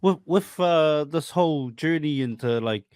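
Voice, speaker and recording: A man's voice: on the high side, unhurried, darkish tone, clean tone, no echo, clean studio sound. A man hosting a podcast, asking questions in a casual, friendly way and calling his guest "brother". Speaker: podcast host. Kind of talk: casual interview chat.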